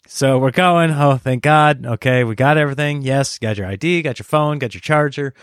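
A man hosting a podcast, telling a story in a casual, animated way, ranting in exasperation and laughing at himself. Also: mid-range voice, normal speed, few pauses, clean tone, dry recording, clean studio sound. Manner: self-deprecating, laughs at himself. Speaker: podcast host.

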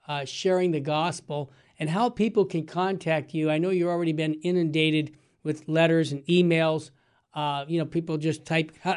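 Male radio host, higher pitch, enthusiastic affirmations. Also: darkish tone. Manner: eager interjections, enthusiastic. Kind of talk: radio interview.

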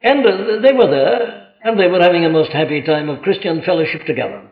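A man preaching an expository sermon, reading scripture in old formal wording and then explaining it with emphatic, animated delivery. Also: a little fast. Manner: animated, emphatic delivery with wide pitch swings. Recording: echoey, dull lo-fi sermon recording.

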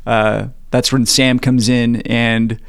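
A man's voice: medium pitch, level tone, takes it slowly, vocal fry, clear, resonant tone, no echo, studio quality. A man co-hosting a podcast, recapping a movie in easygoing chat and acting out lines with a laugh. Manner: easygoing, laughs a lot, acts out lines from the film. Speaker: podcast co-host.

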